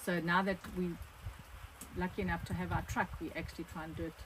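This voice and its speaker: A woman's voice: on the low side, level tone, quick pace, fairly bright tone, rough recording. An older woman with a South African accent chats freely beside her co-host, jumping in with additions. Her voice is recorded through a phone camera with a faint background hum. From South Africa, born in Scotland. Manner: chatty, chiming in with additions. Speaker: overlanding vlog co-host. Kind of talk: casual Q&A chat. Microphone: phone propped on a wine box.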